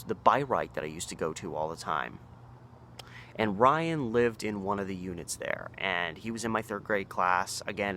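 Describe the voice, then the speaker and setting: A man in his thirties from Oregon with a lowish voice tells a story casually. He rambles, restarts his sentences and acts out what others said. A faint hiss sits under the recording. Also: bright, forceful tone. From Oregon, USA. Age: 30s. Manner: rambling, with frequent restarts and acted-out quotes. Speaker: local history storyteller.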